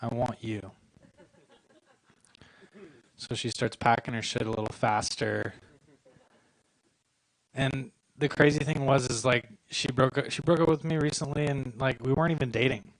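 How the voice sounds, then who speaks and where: A man doing a stand-up set at a comedy club with a low-key, mumbly delivery. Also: normal speed, no room sound, poor audio.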